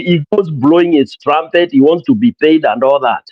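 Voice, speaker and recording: A man with a Kenyan accent hosting a casual call-in talk show, animated and mixing English with Swahili. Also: fairly high pitch, moderate pace, few pauses, no echo, highs cut off. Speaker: host of a call-in political show. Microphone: streaming mic.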